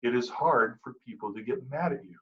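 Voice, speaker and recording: A man giving a prepared, humorous club speech with an animated storytelling delivery. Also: medium pitch, fairly quick, lo-fi sound. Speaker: Toastmasters speaker.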